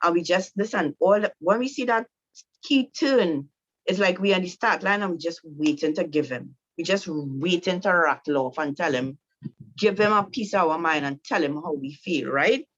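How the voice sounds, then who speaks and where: Direct female instructor, low-pitched, talking to a group of women; muffled, dry sound. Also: moderate pace, dry recording. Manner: direct, repetitive, coaching with rhetorical "right?". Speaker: marriage teacher.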